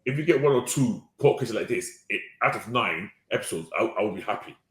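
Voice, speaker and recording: A man's voice: lowish voice, lively intonation, fairly bright tone. A man with a Nigerian accent, co-hosting a casual podcast chat, often repeating words and hedging as he reviews an episode. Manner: hesitant, repeats words, quick to agree. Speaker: podcast co-host. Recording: roomy echo.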